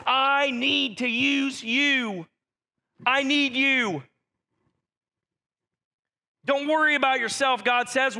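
A pastor preaches a sermon in a very high, bright voice. He speaks directly and conversationally to the congregation, calling them out plainly.

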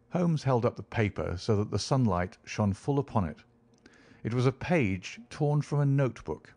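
A man reading an audiobook classic in measured, even scripted narration. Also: medium pitch, dry recording.

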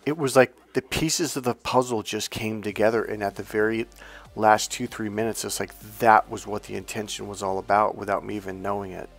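A man working as a dating and relationship coach, telling an unscripted story in an energetic, earnest way with rambling restarts. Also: lowish voice, vocal fry.

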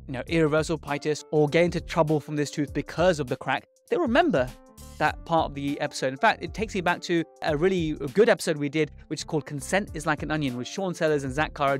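A man's voice: fairly high pitch, animated, fast, soft background music. A man hosting a dental podcast, giving an earnest, explanatory intro and then greeting his guest. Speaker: podcast host and dentist. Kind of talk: scripted podcast intro and interview.

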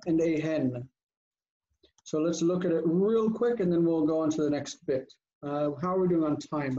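A man's voice: on the high side, darkish tone, highs cut off. A man teaching a Hebrew grammar class online, patiently drilling word forms and quizzing his students. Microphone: video call.

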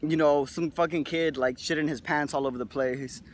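Casual high-voiced young man rambling. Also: fairly even intonation, moderate pace, a little hiss or hum. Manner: rambling, profane, lots of "right?" tags. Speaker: video host. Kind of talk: casual motivational monologue.

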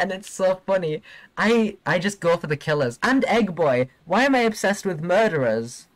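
A young man streaming a video game live, chatting excitably and giggling with his viewers. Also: sits high, moderate pace. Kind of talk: live gameplay commentary.

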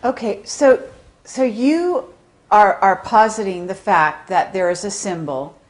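A woman's voice: medium pitch, measured pace, a little mellow. Woman interviewer asking hesitantly. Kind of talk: interview questions.

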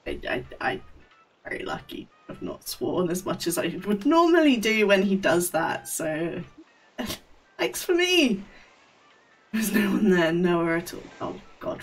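A woman's voice: mid-range voice, recorded from a distance. A woman chatting casually on a game live stream, rambling with stammered restarts and frequent laughs.

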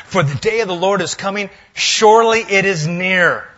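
A male pastor preaching a sermon in a church, lively and swinging between loud, emphatic lines and hushed asides. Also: sits high, moderate pace, hardly any pauses. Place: church sanctuary.

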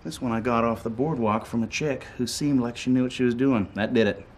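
A man's voice: medium pitch, a little fast, slight background noise, lightly acted. A man playing a profane, bossy rock singer. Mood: earnest. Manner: profane, impatient, bursts into shouting and singing. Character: brash, bossy young male rock musician. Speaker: band leader. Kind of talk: improvised film comedy. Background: loud guitar playing.

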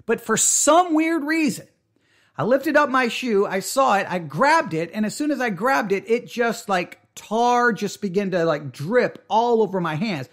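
A middle-aged, high-voiced man tells a story about a mishap in a casual, animated and unhurried way. He stammers, restarts often, and leaps up in pitch to act out his own panicked outbursts.

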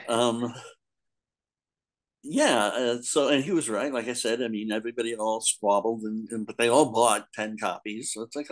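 A man in his sixties, a guest in an interview, telling stories in a casual, animated way, laughing often and acting out other people's lines. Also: medium pitch, normal speed, rough recording. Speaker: guest, comics editor.

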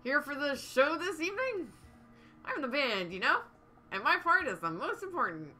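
A woman's voice: high-pitched, very animated, moderate pace, sharp tone, faint music behind, exaggerated voice. Woman doing a bragging band musician. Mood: boastful. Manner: bragging, self-important. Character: boastful show-off band musician.

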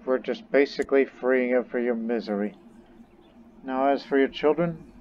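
A man's voice: medium pitch, normal speed, highs cut off, a little hiss or hum. A man giving casual gameplay commentary as a let's play host, chatting to the characters on screen. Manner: chatty, talks to game characters.

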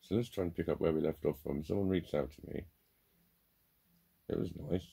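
A vlogger with a very deep, gravelly voice talks a little fast in a loose, candid monologue. His tone is dark and husky, and he rambles, swears freely, and jokes at his own expense.

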